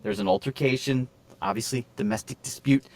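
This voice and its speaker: A man's voice: medium pitch, a little fast, gravelly, no room sound. A man co-hosting a podcast, telling a story in casual, swearing chat and acting out the people in it. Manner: animated, swears freely, acts out quoted voices. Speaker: podcast co-host.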